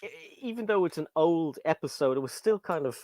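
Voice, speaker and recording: A man's voice: fairly high pitch, lively intonation, fairly quick, darkish tone, dry recording. Chatty British man hosting a livestream. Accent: British English. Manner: chatty, rambling, reads viewer comments aloud. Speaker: livestream host. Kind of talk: casual livestream chat.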